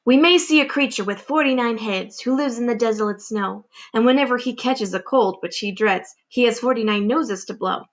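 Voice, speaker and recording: A woman voicing a grinning, boastful male centipede in a storybook read-aloud, reciting loudly and excitedly in a sing-song rhyme. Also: on the high side, moderate pace, hardly any pauses, lightly acted.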